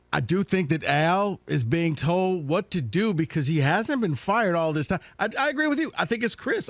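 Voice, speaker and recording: A man co-hosting a sports radio show, giving his take in a measured, even-tempered way on a studio microphone. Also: a little high, no room sound. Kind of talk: sports talk radio discussion.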